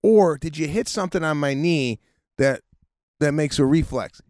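A man co-hosting a podcast in casual chat, telling stories in an animated way and acting out what people said. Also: fairly high pitch, moderate pace, no room sound, clean studio sound. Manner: animated storytelling, acts out quotes, swears. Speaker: podcast co-host.

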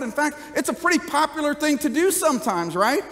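Guy pastor preaching, chatty, keeps going "right?", pretty high voice, long church reverb. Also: big pitch swings, a little fast, a bit bright. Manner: conversational, keeps asking "right?", jokes with congregation. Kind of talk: sermon. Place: church sanctuary.

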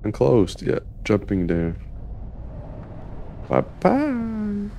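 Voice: low voice, takes it slowly, dark tone, slight background noise. A gaming streamer giving casual, joking commentary while playing, talking to himself and to the game.

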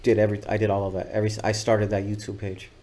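A man's voice: fairly low pitch, completely flat delivery, racing, warm tone. A man telling a loose, profane story as a podcast guest, often acting out what others said. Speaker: guest videographer. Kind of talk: casual storytelling interview.

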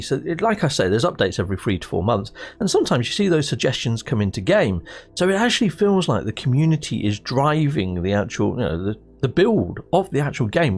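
Give me a rambling gaming YouTuber with a gravelly voice and faint music behind. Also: male voice, mid-range voice. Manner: rambling, restarts mid-sentence. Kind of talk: casual chat.

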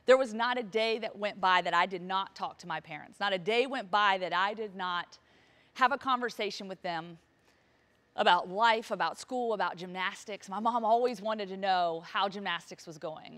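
A woman's voice: medium pitch, moderate pace, a bit bright. Woman telling an emotional life story. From Virginia, US. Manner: emotional, vivid storytelling with acted-out dialogue. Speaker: motivational speaker. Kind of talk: personal story told on stage.

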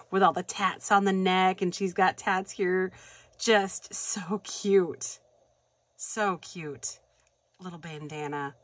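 A woman vlogger chatting casually while unboxing happy mail, gushing and excitable, with frequent gasps and affectionate asides to viewers. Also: fairly low pitch. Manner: affectionate, calls viewers hon and you guys.

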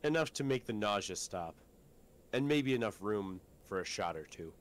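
A man narrating as game master of a tabletop role-playing game, calm and measured. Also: lowish voice, a little hiss or hum.

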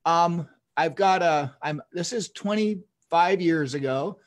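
A man's voice: on the high side, slow pace. A man in his fifties, a dentist giving an online lecture, telling stories enthusiastically with chuckles and restarts.

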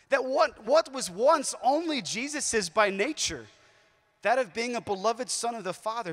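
A man speaks to a youth conference, telling stories with lively, shifting emphasis. His voice sits high for a man. Long reverb from the large hall trails each phrase.

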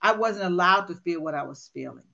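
An older woman talks with emphatic, animated conviction, often acting out her inner voice as she speaks. She is a motivational speaker sharing life lessons in candid conversation. The recording sounds a little dull and muffled. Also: fairly low pitch, fairly quick, creaky.

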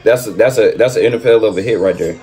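A man doing excited reaction commentary over a basketball video, repeating himself and talking in slang. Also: fairly low pitch, quick pace, breathy edge, faint music behind. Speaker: reaction streamer.

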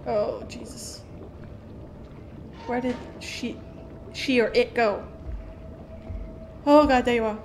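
Woman, high-pitched, jumpy let's play commentary, faint background game sounds. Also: steady tone, slow, long pauses, darkish tone, slight background noise. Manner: jumpy, exclamatory, talks to the game. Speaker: gaming streamer.

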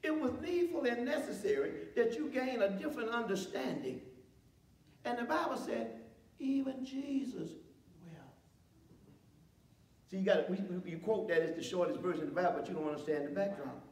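High-voiced preacher in an echoey church. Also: male voice, lively intonation, fast talker, darkish tone, distant mic. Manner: preaching with humor, calls to the congregation, reading scripture aloud. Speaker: pastor. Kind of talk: sermon.

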